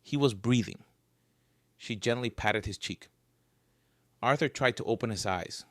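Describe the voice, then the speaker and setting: A man narrating a scripted story in a lively, varied storytelling voice. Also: mid-range voice, a little slow, long pauses, no room sound, clean studio sound.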